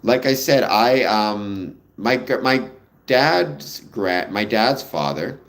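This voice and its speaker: A low-pitched man hosts a live stream. He chats loosely with his viewers, answers their comments and wanders off into stories of his own. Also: expressive, takes it slowly, gravelly. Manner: chatty, rambling, digresses into personal stories. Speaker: livestream host.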